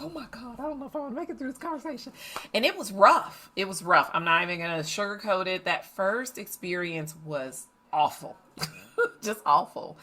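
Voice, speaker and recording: A middle-aged woman coach telling a family story in a lively, animated way, acting out the voices of the people in it. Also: fairly low pitch. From United States. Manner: animated, acts out family dialogue. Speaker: coach and facilitator. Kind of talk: storytelling podcast monologue.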